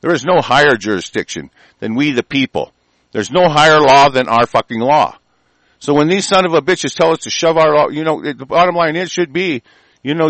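Enraged profane male ranter, slightly high voice, stammering, dry close recording. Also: no echo, low-quality recording. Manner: shouting, cursing, stammering repetitions. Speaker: ranting commentator. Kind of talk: profane angry rant.

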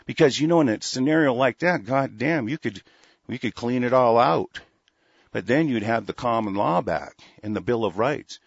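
A man's voice: medium pitch, expressive, normal speed, no room sound. A man from Oregon delivering a fiery, profane, rambling political rant as a talk host. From Oregon, USA. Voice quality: gravelly, husky. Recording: dull lo-fi close mic.

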